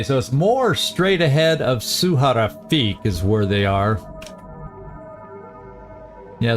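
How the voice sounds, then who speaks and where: A man hosting a channel who comments on a strategy game, thinking aloud and correcting himself as he plans moves. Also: mid-range voice. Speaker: gaming channel host.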